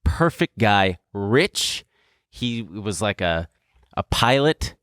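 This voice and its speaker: A man's voice: lowish voice, very animated, slow, fairly bright tone, no room sound, studio quality. A young man co-hosting a podcast, telling a long personal story in a rambling, self-deprecating way and laughing between lines. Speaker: podcast co-host. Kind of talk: casual storytelling chat.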